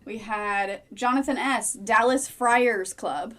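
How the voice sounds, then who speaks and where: A woman's voice: a little high, takes it slowly, a crowd in the background. A woman co-hosting a casual group video chat, calling on people and reading out entries. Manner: reads out audience entries, calls on people.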